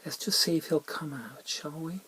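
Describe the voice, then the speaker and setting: Gentle man coaxing a puppet, hushed asides. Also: on the high side, moderate pace, a little hiss or hum. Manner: soft, coaxing and parental, with hushed whispered asides. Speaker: children's Bible talk presenter. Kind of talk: gentle children's Bible talk with a puppet.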